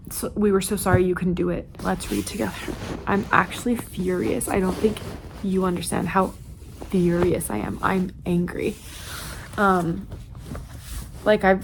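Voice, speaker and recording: A woman's voice: mid-range voice, slight background noise. A woman vlogging casually about a book she is reading, talking emphatically with frequent fillers and restarts, sometimes reading passages aloud.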